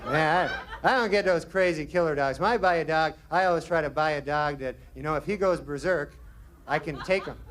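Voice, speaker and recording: A man doing a stand-up routine in a comedy club, with a deadpan, drawn-out delivery broken by quick asides. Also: on the high side. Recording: live club with loud crowd laughter and noise. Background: audience laughing.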